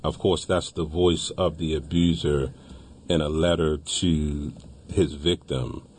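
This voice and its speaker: A man co-hosting a talk show, speaking in a halting way and repeating words as he thinks. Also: a bass voice, fairly even intonation, darkish tone, husky. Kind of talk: casual discussion.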